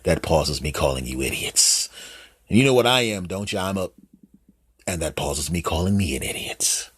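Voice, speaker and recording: Husky, low-voiced man teasing his listeners. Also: expressive, normal speed, fairly bright tone, no echo. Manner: teasing, sarcastic direct address to listeners. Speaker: podcast host. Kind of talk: comic monologue.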